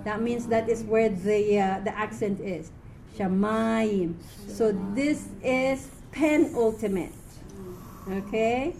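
A woman's voice: a little high, slow pace, dark tone. Tired, chatty woman teaching a class. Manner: chatty, laughs often, self-correcting. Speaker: Hebrew reading teacher.

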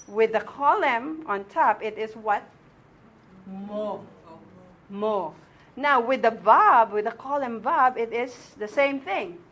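Patient teacher, woman, slightly high, slow and repetitive, checks in constantly. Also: a bit bright. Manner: patient, repeats words and checks with "okay?". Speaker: Hebrew teacher. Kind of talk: classroom lesson.

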